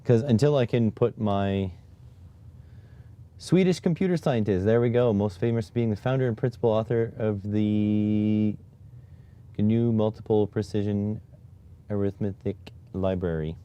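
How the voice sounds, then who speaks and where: Slow, dark-voiced man streaming from home. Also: lowish voice, smooth, dull audio. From Canada. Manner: muttering to himself while typing commands. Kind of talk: casual live-stream chat. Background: keyboard typing.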